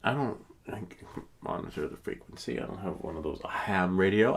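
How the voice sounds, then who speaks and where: A man's voice: sits low, expressive, fast, creaky. A man casually reading drone exam questions aloud and tossing in joking asides.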